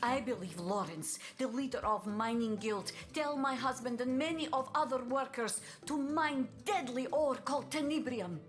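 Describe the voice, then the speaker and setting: A woman's voice: sits high, normal speed, few pauses, faint music behind, close to an everyday voice. An actress voicing a middle-aged grieving mother in a video game, with an Italian accent and broken English full of "how you say" asides. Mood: grim. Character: middle-aged mother, a grieving, fiercely loyal source hunter.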